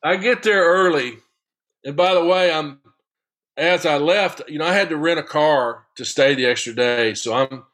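A man, a long drive golfer, telling a casual anecdote as an interview guest, lively and often chuckling. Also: fairly high pitch, moderate pace.

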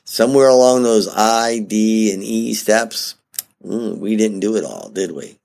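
A man's voice: fairly low pitch, unhurried, creaky. A man giving a casual spoken lesson on project leadership, talking in a conversational way and checking in with his listeners. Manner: animated and conversational, often checking in with "okay?".

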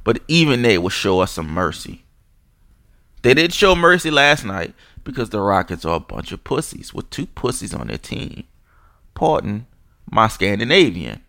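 A man's voice: on the low side, big pitch swings, moderate pace, vocal fry, fairly bright tone, dry recording, studio quality. A young man hosting a sports podcast, delivering a furious, disgusted rant full of swearing and mockery. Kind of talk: angry profane rant.

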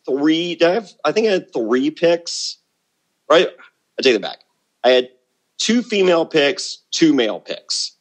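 A middle-aged man chatting as a podcast guest, blunt and boastful, often repeating words as he starts a thought. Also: on the high side. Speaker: podcast guest, former reality show contestant. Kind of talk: casual interview chat.

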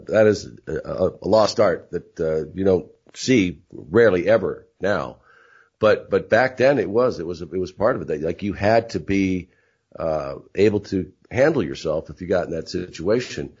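Low husky male interviewer. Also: animated, moderate pace, darkish tone. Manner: hesitant, agreeable, lots of fillers. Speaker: podcast host. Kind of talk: casual interview. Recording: muffled lo-fi audio.

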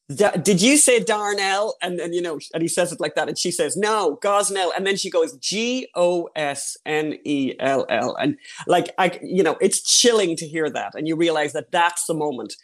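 A man talking as a guest in an interview, animated and repetitive, with plenty of "you know" fillers. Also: fairly high pitch. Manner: animated, repeats phrases, many fillers. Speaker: podcast producer, guest. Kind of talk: casual interview chat.

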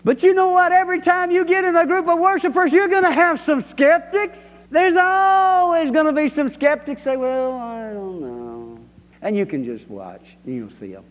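High-voiced preacher in a reverberant hall. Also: male voice, expressive, normal speed, hardly any pauses. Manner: emphatic, leads call-and-response with the congregation. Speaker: pastor. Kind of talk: sermon. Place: church sanctuary. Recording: dull sound with long hall reverb.

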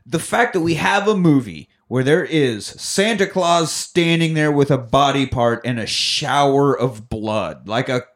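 A man co-hosting a movie podcast, walking through a film's ending in casual chat. His pitch jumps around a lot as he tells it, and he swears freely and slips into quick voices for the characters. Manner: profane, animated retelling with quick voices for characters. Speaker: podcast co-host.

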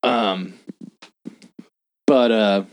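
A man's voice: on the low side, drawn-out words. Profane man casually recapping a film. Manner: profane, animated recapping of plot. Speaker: podcast host. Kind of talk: casual film-review chat.

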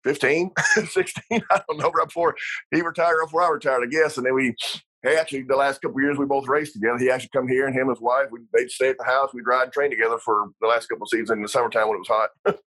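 Husky rambling man telling stories. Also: medium pitch, fairly even intonation, fast, a bit bright, poor audio. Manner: rambling, salty, laughs often, many fillers. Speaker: retired racer guest. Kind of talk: casual storytelling interview.

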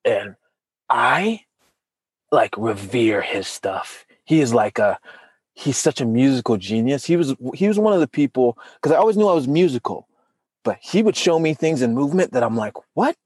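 A man's voice: normal speed, slightly rough, no echo. A man in casual chat, telling a personal story with feeling and acting out what people said. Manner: animated storytelling, acts out quotes with big pitch jumps.

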